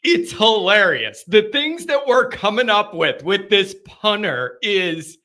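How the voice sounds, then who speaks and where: A man's voice: high voice, sing-song, slow, bright, forceful tone. A man hosting a casual live call-in fan show, rambling and tripping over his words. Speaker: sports fan show host.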